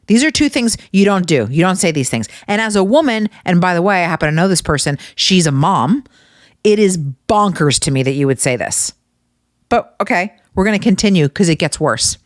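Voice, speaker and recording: A woman hosting her own podcast, telling funny stories in a casual, animated way and swearing freely. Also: on the low side, a little fast, dry recording, studio quality. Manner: animated, profane, exasperated storytelling. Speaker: podcast host. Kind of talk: casual comedic storytelling.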